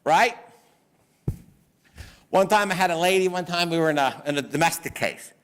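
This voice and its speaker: A middle-aged man, an attorney, giving a seminar talk to business owners and telling lively stories with acted-out quotes. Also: on the high side, moderate pace.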